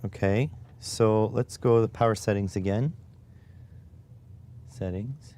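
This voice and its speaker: Low-voiced guy from canada rambling on his stream, slow and mellow, keys typing in the back. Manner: muttering to himself while typing commands. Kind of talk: casual live-stream chat. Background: keyboard typing.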